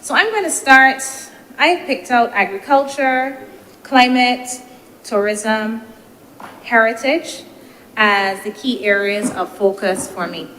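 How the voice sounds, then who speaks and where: A woman senator giving a measured, deliberative parliamentary speech, posing rhetorical questions, into a desk microphone in a legislative chamber. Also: a little high, sharp tone. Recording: reverberant chamber with faint noise.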